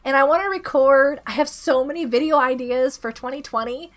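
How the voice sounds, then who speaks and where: A woman in her thirties, sick with a rough throat, chatting casually and giggling as she greets viewers during a game stream. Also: sits high, fairly quick. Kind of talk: casual live-stream chat while gaming. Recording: faint music behind the voice.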